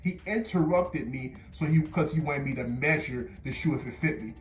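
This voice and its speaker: A young man telling a casual storytime, animated and stammering, with sudden loud bursts as he recounts. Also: on the high side, moderate pace. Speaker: vlogger. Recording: roomy echo with faint music.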